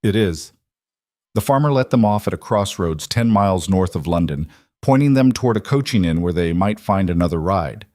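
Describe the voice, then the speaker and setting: A man reading a romance story aloud in an even, measured narration, close on a dry mic. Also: low voice, no echo.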